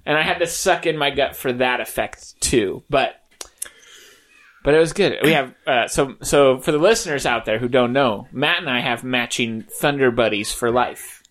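A man's voice: medium pitch, moderate pace, fairly bright tone. A man co-hosting a casual podcast chat, joking, laughing often and slipping into impressions. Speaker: podcast co-host.

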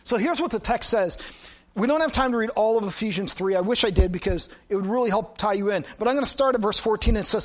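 A middle-aged male pastor with a notably high voice preaches in a relaxed, conversational way. He tells a personal story with lively asides, as if talking to friends. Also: fast. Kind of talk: storytelling sermon.

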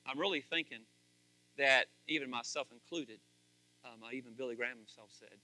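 A man preaching a sermon as pastor, talking conversationally, dropping to quiet asides and rising to loud, emphatic peaks. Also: medium pitch, a little fast, a little hiss or hum, low-quality recording.

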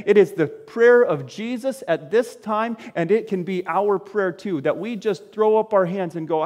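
Animated high-voiced preacher in reverberant hall. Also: male voice, normal speed, few pauses. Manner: animated, rhetorical questions, shifts between loud exclamations and low quiet asides. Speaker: pastor. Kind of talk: sermon.

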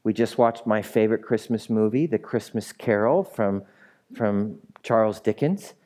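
A man's voice: lowish voice, unhurried, darkish tone. A male pastor preaching a sermon in a conversational way, with playful asides and emphatic repetition.

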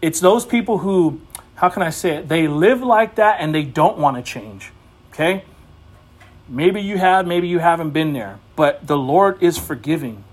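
Emphatic conversational male preacher. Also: a little high. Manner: conversational, emphatic, rising to animated exhortation. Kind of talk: informal sermon teaching.

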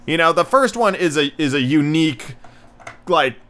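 A man's voice: on the high side, expressive, moderate pace, bright, forceful tone. A young man hosting a casual solo podcast, reviewing movies in a blunt, rambling way with lots of fillers, a little out of breath. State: slightly out of breath.

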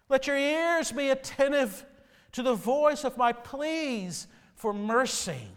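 A man delivers an earnest sermon in an unusually high, widely swinging voice, stacking rhetorical question on question. He speaks slowly and deliberately, and his words ring out with the long reverb of a church sanctuary. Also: fairly bright tone. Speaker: pastor.

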